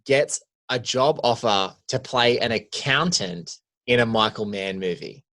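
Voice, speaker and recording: A man co-hosting a casual podcast, talking in an enthusiastic, rambling way. His voice sits at an ordinary middle pitch, and his sentences often trail off softly. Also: unhurried. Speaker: podcast co-host. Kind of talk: casual chat.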